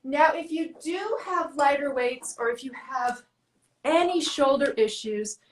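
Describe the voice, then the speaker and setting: A woman fitness coach guiding a workout with quick, encouraging cues, out of breath. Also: sits high, reverberant, rough recording.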